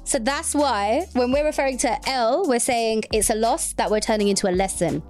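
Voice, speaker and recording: A woman's voice: on the high side, normal speed, darkish tone, soft background music. A young woman with a girlish, childlike voice, chatting and giggling as a podcast co-host. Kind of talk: casual chat.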